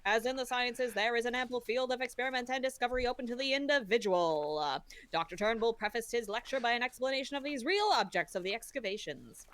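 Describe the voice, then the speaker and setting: A woman doing a brisk 1930s newspaper reporter. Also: fairly high pitch, a bit bright, lightly acted. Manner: fast, declaiming read-aloud. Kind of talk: old-time newsreel reading.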